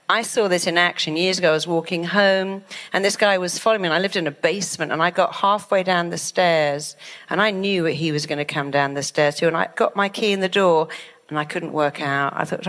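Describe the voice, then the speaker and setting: A middle-aged woman giving a motivational talk, lively and acting out panicked inner voices as she explains. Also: lowish voice, moderate pace. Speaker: hypnotherapist and speaker.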